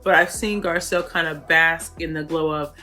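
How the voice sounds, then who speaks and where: A woman hosting a reality TV recap, talking in a chatty, animated way full of fillers. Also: low voice, moderate pace, soft background music. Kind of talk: casual commentary.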